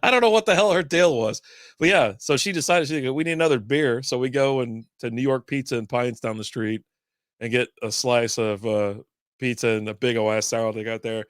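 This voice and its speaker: A man's voice: mid-range voice, brisk, clear, resonant tone, dry recording, clean studio sound. Rambling man telling a weekend story. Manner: rambling, storytelling with many asides and fillers. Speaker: podcast host. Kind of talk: casual beer podcast monologue.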